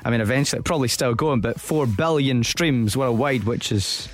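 A man's voice: mid-range voice, normal speed. A young Scottish man hosting a radio show in casual studio chat, teasing and laughing often. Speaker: radio host. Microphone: studio microphone.

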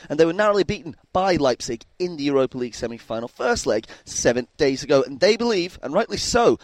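A man reporting live for sports radio from the stadium, lively and building excitement. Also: medium pitch, no room sound.

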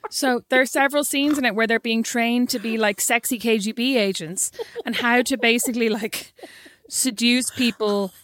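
A young woman co-hosting a podcast with her sister, telling a story with mock-scolding asides and quick laughter. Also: a little high, a bit bright. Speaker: podcast co-host. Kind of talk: casual sisterly chat.

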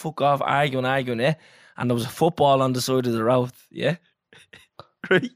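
A man's voice: mid-range voice, normal speed, pauses often, dry recording, studio quality. A young man, co-hosting a casual chat and telling funny stories with frequent laughter. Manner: animated storyteller, laughs often. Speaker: podcast co-host.

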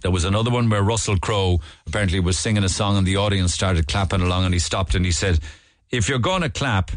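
A man's voice: low-pitched, fairly even intonation, fast talker, dry recording. A man with an Irish accent hosting a radio show, chatting his way through the morning papers with digressions, restarts and asides. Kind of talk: casual newspaper review chat.

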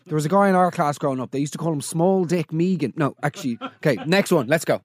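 A man hosts a comedy roast podcast in a fairly high voice, sarcastic and incredulous as he riffs and acts out little scenes. The recording is dry and close, with no room sound. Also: fast, no room sound. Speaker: podcast host.

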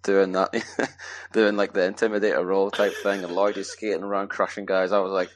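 A man with a very low, deep voice talks in an easy, meandering way. He chats as a podcast guest and leans on lots of "you know" and "sort of". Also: fairly quick, background noise. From Scotland. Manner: relaxed, rambling, lots of fillers. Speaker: guest ice hockey player. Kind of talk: casual podcast interview.

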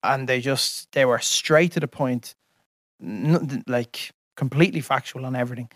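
A man's voice: mid-range voice, normal speed, a bit bright, no room sound, clean studio sound. Enthusiastic, swearing podcast host, a man. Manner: enthusiastic, swears freely, laughs often. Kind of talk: casual podcast chat.

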